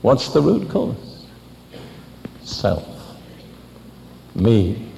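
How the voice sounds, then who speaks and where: An older man preaching a sermon, teaching deliberately and asking pointed questions. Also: medium pitch, expressive, a little mellow, big-room sound, slight background noise.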